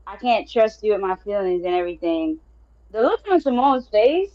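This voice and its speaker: A woman's voice: mid-range voice, big pitch swings, darkish tone, dull audio. A woman panelist giving firm, opinionated takes on a TV show in casual chat. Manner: firm, opinionated, rushes ahead with repeats.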